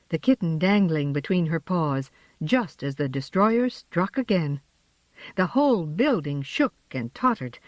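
A narrator reading a children's storybook aloud in a measured, expressive way, in a slightly dull, dry recording. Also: mid-range voice, dry recording.

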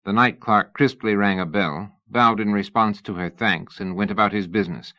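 A man narrating a novel in a measured storytelling manner. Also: fairly low pitch, pushed and bright, muffled recording. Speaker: audiobook narrator. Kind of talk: scripted narration.

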